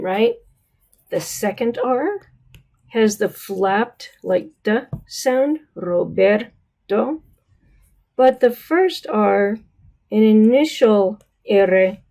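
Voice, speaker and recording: A woman with an American accent gives a pronunciation lesson at a very unhurried pace. She is patient and careful, drawing out each example word and often checking in with her learners. Her pitch sits in an ordinary middle range. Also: dark tone. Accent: American English. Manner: patient, drawn-out model words, checks in with "right?". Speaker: Spanish teacher.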